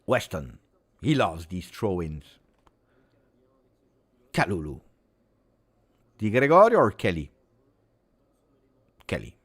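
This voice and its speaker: A man giving live football reaction commentary, excitable play-by-play mixed with exclamations. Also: low voice, slow pace, pauses often, husky. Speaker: football watch-along streamer.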